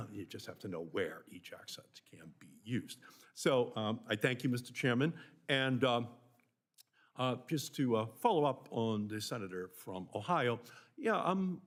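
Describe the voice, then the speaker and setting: An older man from Massachusetts with a Boston accent, a senator making impassioned committee remarks in a hearing room, swinging from loud emphatic bursts to near-whispers. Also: lowish voice, expressive, normal speed.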